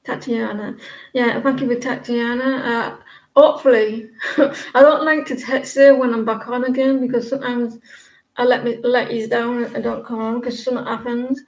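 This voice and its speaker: A woman's voice: a little high, fairly even intonation, moderate pace, darkish tone, roomy sound, poor audio. A woman in her forties giving a casual live-stream tarot reading, rambling and chatty, often restarting her sentences. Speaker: tarot reader.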